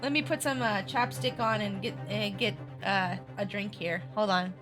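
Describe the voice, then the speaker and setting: A woman's voice: mid-range voice, normal speed. A young adult woman streaming a video game from home, chatting in a bubbly, giggly way with her viewers. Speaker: VTuber streamer. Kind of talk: casual let's-play chat. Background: game music.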